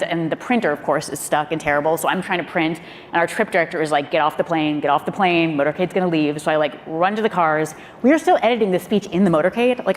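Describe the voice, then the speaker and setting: A woman who is a former speechwriter, telling a lively story on a panel and acting out the quoted voices with big jumps in pitch. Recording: long hall reverb with faint noise.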